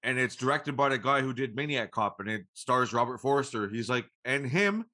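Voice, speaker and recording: A man co-hosting a casual movie podcast, swearing freely and trailing off quietly at the ends of thoughts. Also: medium pitch, animated, moderate pace. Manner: profane, laid-back, trailing off quietly. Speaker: podcast co-host. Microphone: podcast microphone.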